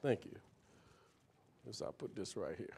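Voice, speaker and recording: A man's voice: on the low side, expressive, measured pace, gravelly, warm tone, a little hiss or hum. A man preaching live to a small group. He teaches from scripture in a folksy way, keeps checking in with "see?" and "right?", and repeats key words in rhythmic runs. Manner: leads a reader through verses, echoing each phrase.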